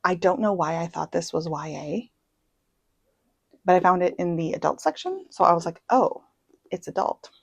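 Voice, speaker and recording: Low, gravelly-voiced chatty woman. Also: normal speed, long pauses, no room sound, low-quality recording. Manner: chatty, self-deprecating, drops into asides and whispers. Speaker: book vlogger. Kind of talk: casual chat. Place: home.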